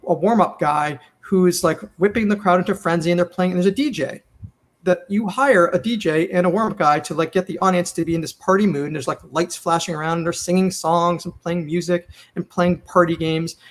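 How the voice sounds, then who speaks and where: A man who writes and runs TV comedies, telling a behind-the-scenes story in a casual interview and acting out the lines people said. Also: high voice. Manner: animated, acts out quoted lines.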